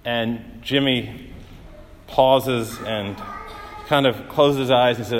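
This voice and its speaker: A male pastor delivering a sermon, telling stories earnestly with dramatic pauses and rising emphasis. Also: mid-range voice, steady tone, big-room sound, a little hiss or hum.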